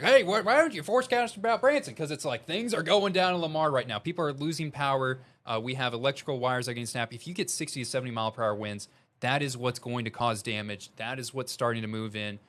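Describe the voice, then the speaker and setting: A man's voice: mid-range voice, fairly bright tone. Man with a slight Southern Missouri twang. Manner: earnest, urgent warnings, reads viewer chat aloud. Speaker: meteorologist. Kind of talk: live severe weather coverage.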